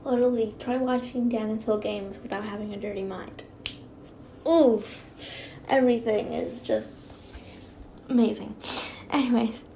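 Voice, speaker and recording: A woman's voice: fairly high pitch, steady tone, measured pace, pauses often, mellow, slight background noise. A young woman with a slight lisp, reading fanfiction aloud with rambling, giggly asides and stumbling over words. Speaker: fanfiction reader.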